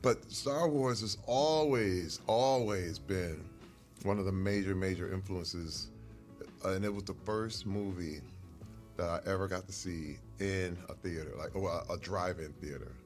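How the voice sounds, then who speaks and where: A man telling stories from his life in casual conversation over a meal, animated and earnest, sometimes getting emotional. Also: low voice, a little slow, faint music behind. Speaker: guest.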